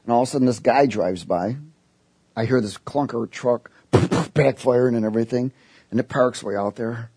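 A man's voice: medium pitch, normal speed, dark tone, slightly rough, dry recording. A man preaching a sermon and telling a personal story, acting out voices as he goes. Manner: storytelling, quoting voices in his tale.

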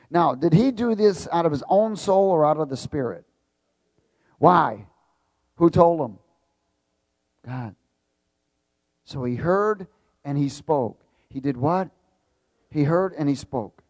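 A man's voice: on the high side, lively intonation, slow, long pauses, a little mellow, no room sound. A male preacher reading scripture aloud in a sermon, stopping often to quiz the congregation and repeating key words with emphasis. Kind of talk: sermon with call-and-response.

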